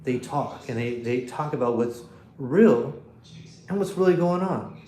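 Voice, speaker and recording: A man's voice: medium pitch, expressive, unhurried, mellow, echoey room, slight background noise. A man hosting a casual livestream from his phone, talking bluntly and rambling, with profanity and frequent restarts. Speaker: livestream host.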